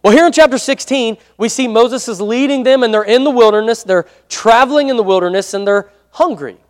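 High-voiced man preaching in a hall. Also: fairly quick. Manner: conversational preaching with frequent amen prompts. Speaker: pastor. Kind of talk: sermon. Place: church hall. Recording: long hall reverb.

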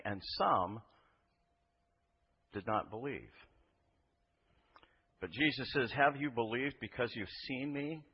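A man's voice: medium pitch, slightly rough. A man preaching a sermon in a conversational way, asking his listeners rhetorical questions. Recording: dull reverberant hall recording.

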